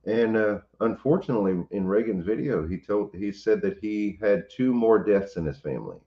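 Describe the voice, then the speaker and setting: A very deep-voiced man chats casually on a home livestream, pausing and restarting as he greets viewers. The sound is roomy and slightly dull. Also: expressive. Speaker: homestead channel host.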